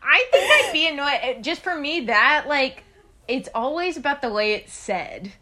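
A woman's voice: high voice, big pitch swings, normal speed, sharp tone. A woman co-hosting a podcast in casual chat, wry and laughing. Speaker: podcast co-host.

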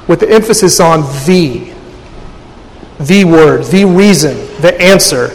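A man preaching a sermon in a thoughtful way, often restarting and repeating words as he works through an idea. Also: fairly high pitch. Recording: long hall reverb.

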